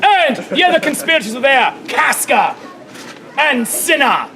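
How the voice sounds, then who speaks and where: A woman narrating a comic story at a live outdoor show, playful and animated, laughing often as she directs volunteers. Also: sits high, unhurried. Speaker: comedic narrator leading audience volunteers. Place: outdoor fair stage. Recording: loud live crowd and noise outdoors.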